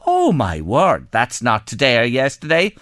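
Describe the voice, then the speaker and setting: An Irish man hosting a radio phone-in show, chatting in an animated, curious way as he reads out listener texts. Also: medium pitch, measured pace, no room sound, studio quality. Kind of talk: lively radio chat, reading listener texts. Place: radio studio.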